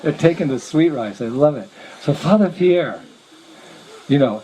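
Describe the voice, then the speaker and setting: A man's voice: on the high side, lively intonation, a little slow, pauses often, mellow. A man, a visiting monk, telling a story to a gathering, chuckling often as he speaks. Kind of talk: storytelling talk. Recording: noisy lecture recording.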